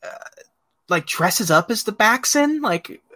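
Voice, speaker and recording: A man in a relaxed podcast chat about a movie, his voice bright and forward. He rambles through his points with lots of "like" and "uh" and breaks into laughter often. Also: high-pitched, measured pace. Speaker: podcast co-host. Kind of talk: casual film discussion.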